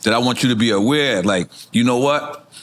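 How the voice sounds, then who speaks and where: A man's voice: medium pitch, moderate pace, a bit bright. A middle-aged man from Queens, hosting a casual interview and rambling with frequent stammers and restarts. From Queens, New York. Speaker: podcast host.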